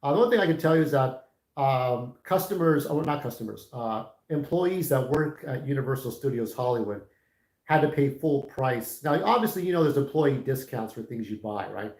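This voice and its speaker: A man's voice: medium pitch, animated, normal speed, a little mellow, rough recording. A man in his forties chatting casually on a livestream, candid and opinionated, talking straight to his viewers. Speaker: YouTube livestreamer.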